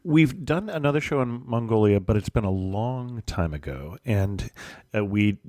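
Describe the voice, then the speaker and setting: A man's voice: fairly low pitch, lively intonation, normal speed, mellow, no echo, clean studio sound. A man hosting a travel podcast interview, talking in a playful, self-teasing way. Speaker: podcast host.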